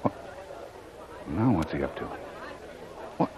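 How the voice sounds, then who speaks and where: A man's voice: rumbling low, sing-song, slow, a crowd in the background, full character voice. An actor playing a bold jungle hunter hero who mutters his thoughts aloud as he stalks his quarry, in 1940s radio acting. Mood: tense. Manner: muttering to himself. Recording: hissy, muffled old radio transcription.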